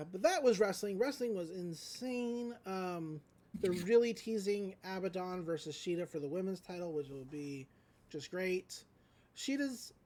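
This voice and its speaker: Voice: medium pitch, a little mellow. A podcast host giving a casual, rambling recap of a cartoon episode, with lots of likes and ums.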